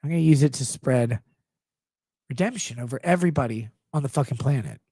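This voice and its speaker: A man doing a low, crude, exasperated God. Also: fairly quick, slightly rough, dry recording. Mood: aggrieved. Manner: crude, deadpan, scolding. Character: exasperated male God, blunt and profane.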